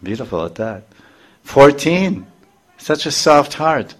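A man's voice: fairly high pitch, sing-song, slow. A middle-aged man giving a scripture class to a live group, explaining verses line by line and briefly acting out the characters' voices. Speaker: spiritual teacher.

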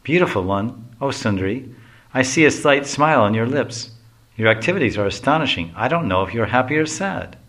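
A man's voice: medium pitch, animated, a little fast, fairly bright tone. A man reading as a tender young girlfriend. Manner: tender, concerned. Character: sweet caring young girlfriend.

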